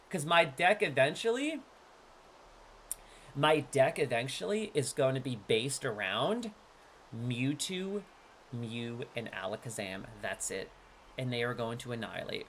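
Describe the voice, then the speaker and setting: A man in his thirties streams himself opening card packs and chats casually to his viewers. He talks with a swaggering, trash-talking hype that drops now and then into quieter, offhand asides. His pitch swoops around a lot. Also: lively intonation, unhurried.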